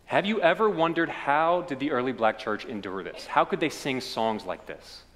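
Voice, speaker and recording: A male pastor with a Kentucky accent preaching a sermon, telling stories that swell and then drop to a hush. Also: medium pitch, animated, normal speed, in a large hall. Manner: storytelling preacher, swells then drops to quiet.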